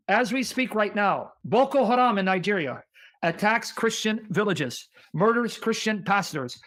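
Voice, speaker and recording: A man with a high-pitched voice hosts a heated debate livestream. He reads passages aloud forcefully, combative and insistent, pressing his guest with questions. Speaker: livestream host.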